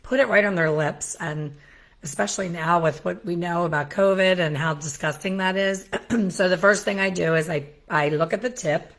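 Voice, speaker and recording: Middle-aged woman, chatty talk-show host, slightly low voice, self-deprecating, animated asides. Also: normal speed. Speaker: hair colorist educator, show host. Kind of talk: casual solo talk to camera. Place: home in Florida.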